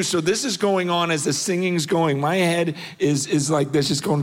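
A middle-aged man giving an earnest, animated personal story as a guest on a panel. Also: moderate pace, hardly any pauses. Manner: earnest, animated storytelling, rising in pitch when intense.

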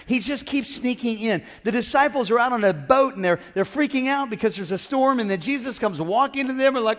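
High-voiced middle-aged preacher in a reverberant hall. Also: male voice, brisk, few pauses, some chatter behind, slight background noise. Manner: animated preaching with call-and-response to the congregation. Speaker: pastor. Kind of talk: sermon. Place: large church auditorium.

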